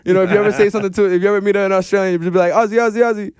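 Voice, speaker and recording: An animated man chatting as a podcast guest, dropping "bro" and slang constantly. His voice sits a little high and sounds smooth and clear. The room is dead, with no echo. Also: very fast, clean studio sound. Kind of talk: casual podcast chat.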